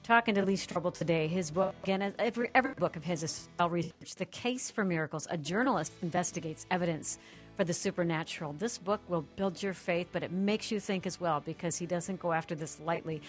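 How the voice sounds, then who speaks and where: A woman's voice: on the low side, a little fast, soft background music. A woman hosting a radio talk show, promoting a book and reading out contact details with emphasis.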